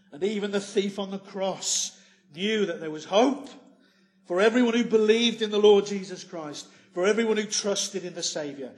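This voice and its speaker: A man preaching a sermon, full of tag questions and moving between loud emphasis and quiet asides. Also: high voice, normal speed.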